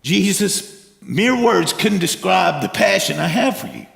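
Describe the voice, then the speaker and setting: A man acting out an excitable, stammering fisherman disciple in a church stage skit. His voice sits high and swings widely, with a gravelly fry underneath. A long, roomy reverb from the church hall surrounds it. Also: a little slow, full character voice. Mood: earnest.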